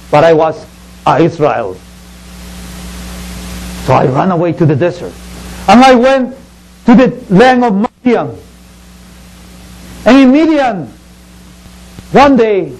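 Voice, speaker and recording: A man with a high, lively voice that leaps up and down preaches to children in character. He tells the story slowly and theatrically in simple, broken English. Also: poor audio. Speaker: children's pastor. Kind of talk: dramatic first-person Bible story for children.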